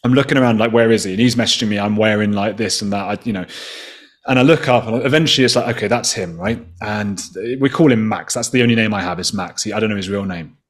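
A man's voice: fairly low pitch, fast talker. A man in his thirties, a journalist guest on a podcast, telling a story casually, swearing freely and acting out the dialogue. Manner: swears freely, animated retelling with quoted dialogue.

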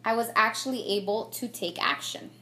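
A woman's voice: a little high, moderate pace, bright, forceful tone. A young woman vlogging while she does her makeup, talking candidly and reflectively with many fillers and restarts. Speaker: beauty vlogger. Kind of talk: get-ready-with-me chat. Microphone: camera mic on a tripod.

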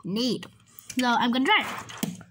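Young woman, casual home vlogger, excitable and repetitive, high voice, unhurried delivery. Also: slightly rough. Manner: chatty, excitable, repeats herself. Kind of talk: casual taste-test vlog.

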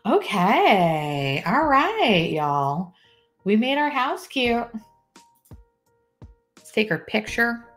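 A woman's voice: on the high side, very animated, very slow, long pauses, fairly bright tone, faint music behind. A woman, chatting casually and profanely on a live stream, often laughing as she talks.

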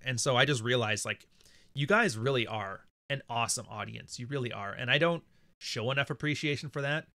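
A man's voice: mid-range voice, bright, forceful tone, no echo, studio quality. A Canadian man hosting a casual livestream, talking in a blunt, profane, rambling way. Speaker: podcast host.

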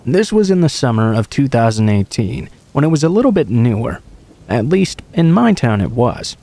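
A man reading true horror stories aloud in a calm, even storytelling manner. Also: mid-range voice, normal speed, gravelly. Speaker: narrator. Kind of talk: scripted narration of horror stories.

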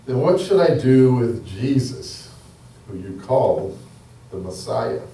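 A stern, uneasy Roman governor, voiced by a male pastor in a sermon retelling, pressing questions in an insistent tone. The voice is measured and slow. It sounds through a roomy hall, picked up from a distance. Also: mid-range voice, sing-song, creaky, dark tone, heavily acted. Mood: questioning. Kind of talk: sermon retelling of a scripture story.

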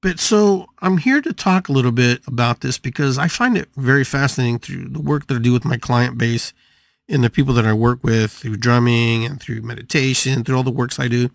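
An older man hosting a live podcast, talking through a monologue in an animated way, repeating phrases and swinging his pitch widely. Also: brisk, gravelly, no room sound, studio quality. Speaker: podcast host and shamanic healer.

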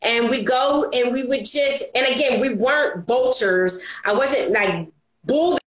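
Woman, interview guest, expressive storyteller, acts out quotes, high voice, echoey room. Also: measured pace. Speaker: entrepreneur guest. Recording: roomy echo.

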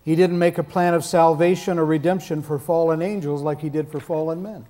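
A man's voice: on the high side, steady tone, a little fast, warm tone. A man preaching a sermon in a conversational, emphatic way with touches of dry humor.

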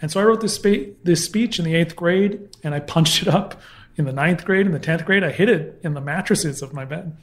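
A man's voice: a little high, fairly quick. A man telling a story in a casual interview, bringing it to life by acting out other people's voices. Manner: animated anecdote with mimicked voices. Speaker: guest, comedy historian.

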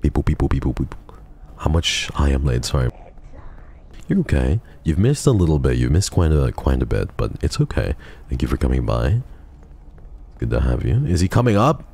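Very deep, gravelly streamer man. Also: very animated, moderate pace, darkish tone, soft background music. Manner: casual, swearing, joking with chat. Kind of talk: live gaming stream.

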